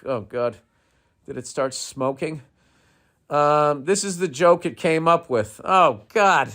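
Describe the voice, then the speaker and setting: A man's voice: on the high side, unhurried, a bit bright. A middle-aged man hosting a podcast, riffing in a blunt, sarcastic, profane monologue. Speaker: podcast host. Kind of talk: casual comedy podcast monologue.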